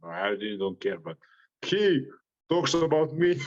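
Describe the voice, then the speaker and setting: A man's voice: medium pitch, sing-song, unhurried, dull audio. Profane Croatian-accented man trash talking. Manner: brash, profane trash talk, laughing often. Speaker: boxer. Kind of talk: interview reaction.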